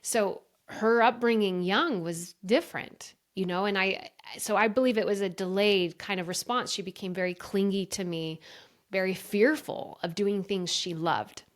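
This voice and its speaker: A woman who works as a brain coach appears as a podcast guest, telling her personal story in conversation with earnest emotion. She speaks at a moderate pace in a mid-range voice, often calls listeners "you guys," and livens up her storytelling by acting out quoted dialogue.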